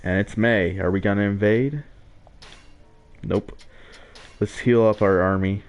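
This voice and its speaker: A man's voice: fairly low pitch, steady tone, measured pace, lo-fi sound. A young man giving casual, rambling commentary over his gameplay, with frequent filler words and chuckles. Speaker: let's play gamer.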